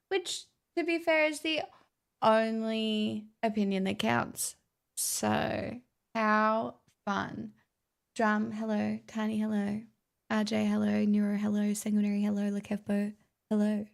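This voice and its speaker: A woman's voice: medium pitch, steady tone, slow pace, gravelly. A woman streamer chatting casually with her viewers, tired and rambling, with playful self-mockery.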